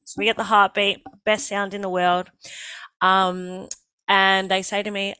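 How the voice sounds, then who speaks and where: A woman's voice: mid-range voice, measured pace, clean tone, dry recording. A young Australian woman telling her birth story in a casual, joking way, acting out what people said. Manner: lively, joking, acts out quotes.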